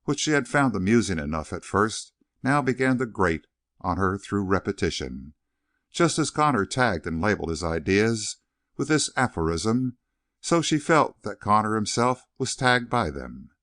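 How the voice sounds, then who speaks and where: Low, expressive male audiobook narrator. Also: normal speed, no echo, clean studio sound. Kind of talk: scripted narration of a western novel.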